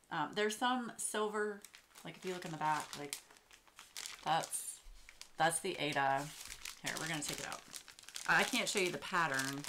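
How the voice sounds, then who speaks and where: A woman, chatting casually and excitedly as she shows off craft supplies, with lots of fillers and gushing. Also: low-pitched, slight background noise. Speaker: craft vlogger. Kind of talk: casual show-and-tell chat.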